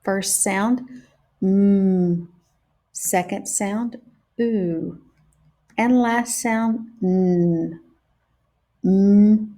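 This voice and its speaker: A woman teacher leading a phonics lesson for young children, sounding out each word slowly and clearly. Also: mid-range voice, warm tone. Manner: slow and deliberate, stretching out each sound.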